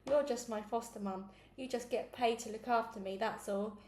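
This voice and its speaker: A woman's voice: on the high side, moderate pace, a little mellow, lightly acted. A woman voicing a defiant, sulky young girl in foster care in a storybook reading. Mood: sneering. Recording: echoey room, faint noise.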